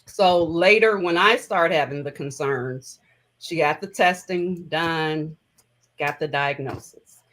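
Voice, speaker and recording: A woman's voice: deep voice, takes it slowly, fairly bright tone, rough recording. A middle-aged woman telling a personal story as an interview guest, conversational and emotional, with many fillers.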